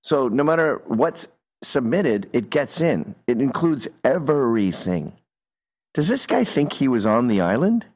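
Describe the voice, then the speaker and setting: A man hosting a reaction commentary, talking in an animated, mocking, opinionated way. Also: medium pitch, measured pace, breathy edge. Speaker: commentator host.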